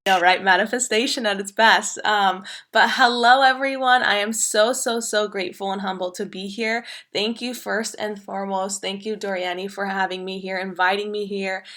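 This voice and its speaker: A woman's voice: mid-range voice, fairly even intonation, moderate pace, few pauses, pushed and bright. Bubbly twenty-something woman chatting as a podcast guest, lots of ums and you knows. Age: 20s. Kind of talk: casual podcast chat.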